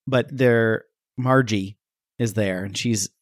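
A man's voice: on the low side, steady tone, takes it slowly, no echo, clean studio sound. A man co-hosting a podcast, chatting casually about a movie in a rambling, hesitant way with wry complaints. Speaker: podcast co-host. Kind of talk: casual movie review chat.

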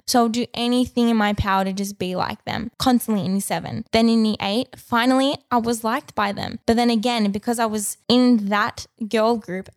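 Woman podcast co-host, earnest and rambling, fairly high voice, dry close mic. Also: darkish tone, dry recording. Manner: earnest, rambling, with many fillers and restarts. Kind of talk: casual faith podcast chat.

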